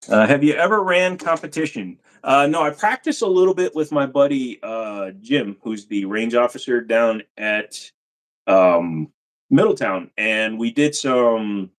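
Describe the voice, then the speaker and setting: A man's voice: medium pitch, lively intonation, a little slow. Joking man hosting a chatty livestream. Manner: playful, slips into silly put-on accents. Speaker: livestream host answering chat questions. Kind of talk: casual livestream chat. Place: home room at his computer.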